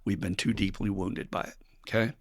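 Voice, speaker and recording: A man's voice: on the low side, steady tone, fairly quick, dry recording, studio quality. An older man hosting a recovery podcast, speaking bluntly and plainly, swearing casually and acting out the voices of people he quotes. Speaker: podcast host.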